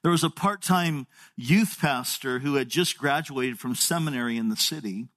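A man's voice: medium pitch, normal speed, fairly bright tone. A man in his sixties preaching a sermon, telling folksy stories with frequent repeated words. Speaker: pastor.

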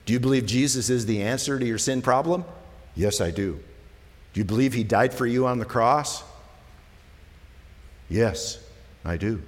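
A man preaching as a pastor, talking conversationally, moving between quiet, slow passages and emphatic ones. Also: mid-range voice, lively intonation, long reverb tail. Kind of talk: sermon.

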